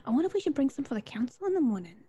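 Woman player with a warm, slightly high voice. Casual, hesitant, trails off. Online call mic. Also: sing-song, racing, highs cut off. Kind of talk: in-character role-play chat. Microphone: online call microphone.

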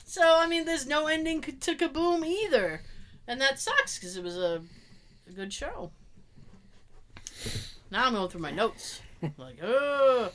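A woman's voice: high-pitched, expressive, measured pace, long pauses, fairly bright tone. A woman with a Boston accent, chatting as a podcast co-host and acting out quotes as she tells a story, often breaking into laughs. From Boston area. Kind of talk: casual chat.

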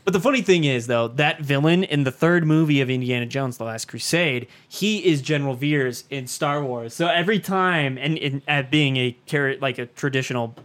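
A man's voice: medium pitch, moderate pace, few pauses, fairly bright tone. A man co-hosting a casual podcast, talking enthusiastically about movie news and rambling with restarts. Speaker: podcast co-host. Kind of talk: casual chat.

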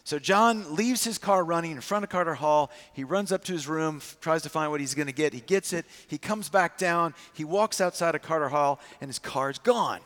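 High, animated male preacher in a reverberant hall. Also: moderate pace, few pauses. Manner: animated storyteller acting out quotes. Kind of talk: sermon with storytelling.

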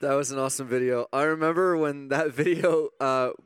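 A man's voice: medium pitch, fairly even intonation, a little fast, smooth, no echo. A man, an assistant pastor opening a sermon in a chatty, joking way. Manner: chatty, informal, jokey, many fillers. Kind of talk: casual sermon.

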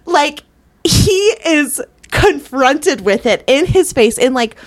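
Animated, giggly woman podcast co-host. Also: sits high, slow, dry recording. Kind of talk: casual movie review chat.

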